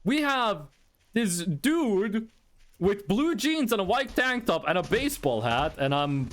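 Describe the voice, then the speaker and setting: A man streaming live, telling a profane, animated story in a casual way, with frequent restarts. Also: high voice, measured pace.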